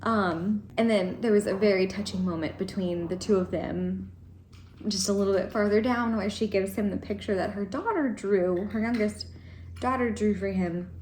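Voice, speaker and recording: A woman's voice: medium pitch, moderate pace, darkish tone. Chatty woman vlogging about a book. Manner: chatty and rambling, with frequent ums and laughs. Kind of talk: casual book discussion. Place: home with cats and laundry running. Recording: echoey home room with faint noise.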